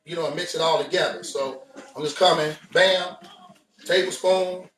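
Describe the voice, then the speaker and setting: A man's voice: a little high, moderate pace, a bit bright, slight background noise. A man hosting a casual cooking demonstration, chatty and laid-back, talking straight to viewers as he works. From United States. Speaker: cooking show host. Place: home kitchen. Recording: echoey room, mic at a distance.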